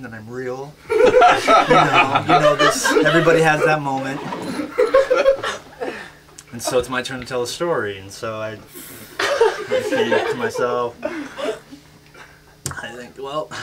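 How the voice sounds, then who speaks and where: A man doing a live stand-up set with halting, awkward deadpan delivery and frequent restarts. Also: mid-range voice. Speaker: stand-up comedian. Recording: loud noisy live recording.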